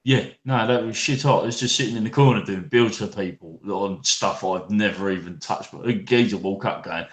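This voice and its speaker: A man's voice: fairly low pitch, fairly quick, hardly any pauses. A British man co-hosting a casual podcast, teasing his friends in laid-back slang. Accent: British English. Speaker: podcast co-host. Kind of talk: casual chat. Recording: echoey room.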